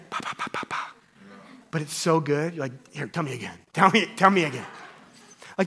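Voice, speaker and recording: Conversational male pastor preaching. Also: a little high. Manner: conversational and playful, with swings between loud emphasis and hushed tones. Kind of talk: sermon.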